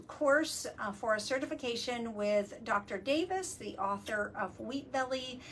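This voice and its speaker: A woman with a slightly high, somewhat bright voice hosts a casual live video chat from a work studio, explaining things eagerly and using many fillers. The mic is distant, with faint ambient noise.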